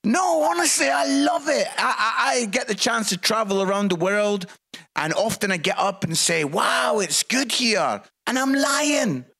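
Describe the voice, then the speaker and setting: A middle-aged Scottish man with a very high, bright, forceful voice, telling a comic story to a congregation. He is chatty and pokes fun at himself. He builds each anecdote to a punchline. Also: lively intonation, moderate pace. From Scotland. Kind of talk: humorous storytelling sermon.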